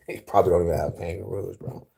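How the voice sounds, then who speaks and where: A young man from Denver on a casual livestream. His voice sits low, and he talks in a relaxed, slangy way as he reads out and answers viewer comments with easy amusement. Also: gravelly. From Denver, Colorado, US. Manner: laid-back, slangy, easily amused. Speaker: livestream host.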